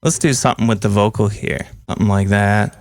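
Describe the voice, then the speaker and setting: Working on a song, this young music producer reads viewer comments aloud and chats casually as host of his video. His voice sits on the low side with a steady tone, a little fast, and there's no echo.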